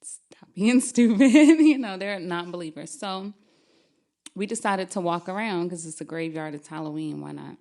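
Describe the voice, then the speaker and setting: Low-voiced woman telling a spooky story. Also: moderate pace. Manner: lively, laughs while telling.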